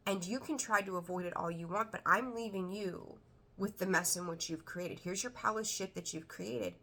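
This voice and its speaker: A woman's voice: mid-range voice, normal speed, creaky, bright, forceful tone. A woman giving a casual tarot reading, talking bluntly and chattily, swearing now and then. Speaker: tarot reader.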